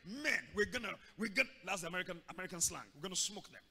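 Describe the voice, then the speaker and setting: Male pastor, high bright voice, theatrical sermon delivery with shouted bursts. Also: fast, few pauses. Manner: dramatic, acting out scenes with shouts and sudden loud bursts. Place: church hall. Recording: long reverb of a large hall.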